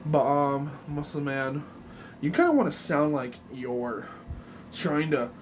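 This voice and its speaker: A man's voice: on the high side, a little slow, a little hiss or hum. A man explaining voice impressions in a casual, rambling way, often restarting his sentences. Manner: rambling, self-correcting mid-sentence. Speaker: voice impression tutor. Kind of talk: casual video tutorial.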